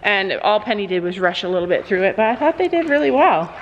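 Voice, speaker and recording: A woman's voice: mid-range voice, big pitch swings, quick pace, lo-fi sound, slight background noise. A woman vlogging casually at a horse barn, chatting to her viewers and cooing praise at her horses. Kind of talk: casual vlog chat.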